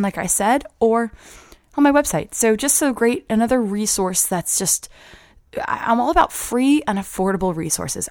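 A woman's voice: medium pitch, dry recording. Upbeat woman podcast host, dry close sound. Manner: earnest, upbeat, repeats words when excited. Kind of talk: motivational podcast talk.

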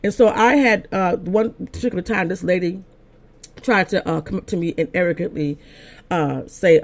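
A woman's voice: fairly low pitch, normal speed. Older woman preaching from personal testimony. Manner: conversational, with many restarts, rising into emphatic preaching. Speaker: apostle and pastor. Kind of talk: sermon told as personal testimony.

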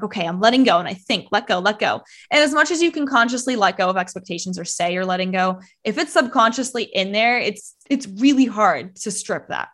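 A young woman speaks as a podcast guest, telling a personal story in easy conversational chat. She leans on "like" constantly and slips into voicing her own past thoughts mid-sentence. Her pitch sits in an ordinary middle range. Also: fairly bright tone. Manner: fast, filler-heavy talk with many "like"s, acting out her own past thoughts. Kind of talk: casual storytelling interview.

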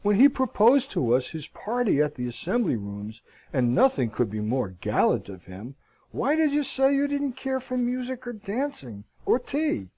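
A man voicing a gentle, sensible young woman who chides her sister with mild, coaxing reproach, in an audiobook reading. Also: high-pitched, wildly swooping pitch, normal speed, slightly rough, dry recording, voice pushed up, full character voice.

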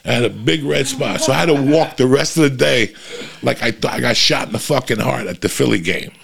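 A middle-aged man hosting a show, telling a story in casual, profane, animated chat to his listeners. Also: mid-range voice, fairly quick, creaky, slightly rough. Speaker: podcast host.

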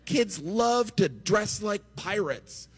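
A man's voice: high-pitched, expressive, slow pace, husky, long reverb tail. A man performing a stand-up comedy routine with sarcastic, mock-cheerful delivery.

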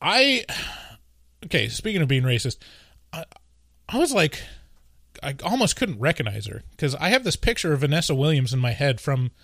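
An animated man chatting casually as a podcast co-host. His voice sits a little high, and he rambles and cracks jokes. The recording is dry and close. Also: moderate pace, gravelly, pauses often, no echo. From US West Coast. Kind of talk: casual chat.

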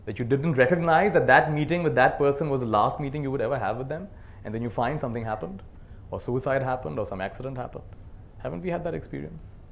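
A man giving a dharma talk to a live group as a meditation teacher, earnest, swinging between soft and emphatic, and leading call-and-response. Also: medium pitch, quick pace, vocal fry. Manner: leads the audience in call-and-response.

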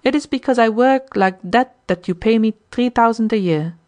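A woman's voice: on the high side, moderate pace, a little mellow, voice pushed up, close to an everyday voice. A woman putting on a vain, lofty master chef. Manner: grand, lofty, self-assured. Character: vain grand male French master chef.

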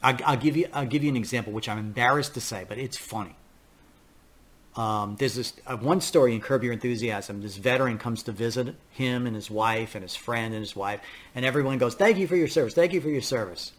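A man's voice: mid-range voice, a little fast, fairly bright tone. An older male podcast host delivers a blunt, rambling political rant with a mid-range voice. He swears freely and chuckles at his own anecdotes as he goes. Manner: blunt, ranting, profane, laughs at his own stories. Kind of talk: political commentary monologue.

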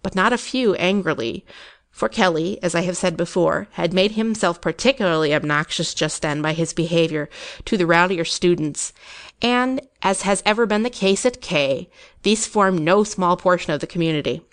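Woman narrating a ghost story, lowish voice. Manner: measured, expressive reading.

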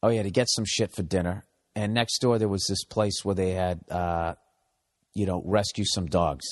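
A man's voice: low-pitched, fairly even intonation, moderate pace, long reverb tail. A man hosting a solo podcast, telling stories in a profane, self-mocking ramble. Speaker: podcast host.

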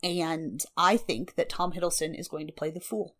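A woman's voice: lowish voice, steady tone, moderate pace, fairly bright tone. A woman co-hosting a podcast in casual chat, emphatic and playful, with swearing sprinkled through. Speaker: podcast co-host.

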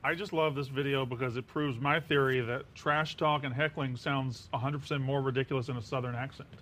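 A man's voice: medium pitch, steady tone, a little fast, fairly bright tone, poor audio. A man cohosting a sports talk show, chatting and defending himself in banter.

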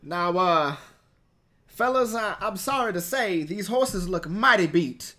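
A man voicing a gruff, drawling old-west character in a tabletop game. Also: high voice, animated, slow, sharp tone, heavily acted. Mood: grim drawl.

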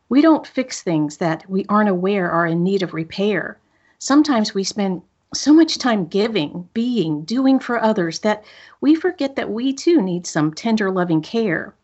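A woman's voice: mid-range voice, highs cut off. Upbeat woman hosting a podcast. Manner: upbeat, reflective and encouraging. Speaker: podcast host. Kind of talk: solo podcast monologue. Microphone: studio microphone.

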